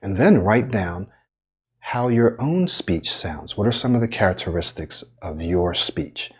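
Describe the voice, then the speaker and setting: Husky low-voiced man teaching speech. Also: animated. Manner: measured, stretches and stresses words on purpose. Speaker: speech coach. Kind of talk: instructional lesson.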